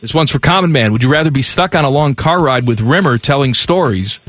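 A man's voice: mid-range voice, expressive, a little fast, fairly bright tone, soft background music. A man co-hosting a sports radio show, joking around and reading listener questions aloud in casual banter.

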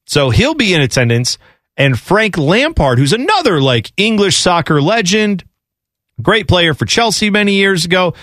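A male sports radio host chatting casually, rambling from point to point and laughing often. His voice sits a touch high and moves a lot in pitch. The sound is dry and close. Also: very animated, moderate pace, a bit bright, dry recording. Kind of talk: casual chat.

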